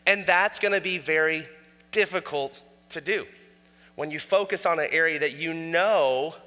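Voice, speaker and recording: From the pulpit, a middle-aged male pastor preaches in a high, very bright, forceful voice at a moderate pace. He animatedly tells self-mocking stories and acts out quotes, his words trailed by the sanctuary's long reverb.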